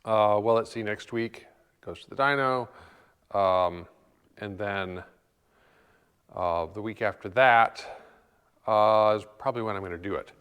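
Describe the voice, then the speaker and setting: A man's voice: fairly low pitch, unhurried, pauses often, fairly bright tone, clean tone, big-room sound. A man talking casually to camera while working on a car, rambling and thinking aloud with lots of fillers. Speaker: car restoration vlogger. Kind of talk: casual workshop talk to camera. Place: home garage workshop.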